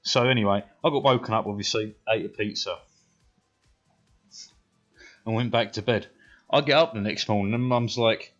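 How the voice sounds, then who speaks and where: A British man in his thirties with a lowish voice tells rambling, swear-heavy stories to his stream and keeps checking in with "right?". The audio is a bit dull, with quiet music running behind him. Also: brisk, long pauses. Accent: British English. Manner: rambling, heavily profane, says "right?" a lot. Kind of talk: casual storytelling while gaming.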